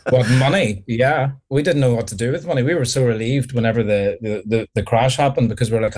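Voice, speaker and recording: A man's voice: mid-range voice, quick pace, hardly any pauses, a little mellow. A middle-aged Northern Irish actor chatting in a radio interview, laughing easily and often repeating words as he starts a sentence. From Northern Ireland. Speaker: actor guest.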